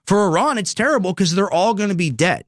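A man's voice: high-pitched, expressive, fast, no room sound, studio quality. Sarcastic male political commentator. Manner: sarcastic, conversational, reads posts aloud with asides.

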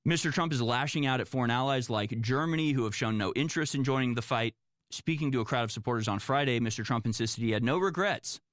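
A man's voice: mid-range voice, quick pace, a bit bright, no echo, studio quality. A man commenting on the news, reading reports aloud and reacting in a sarcastic, exasperated, rambling way. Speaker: political commentator.

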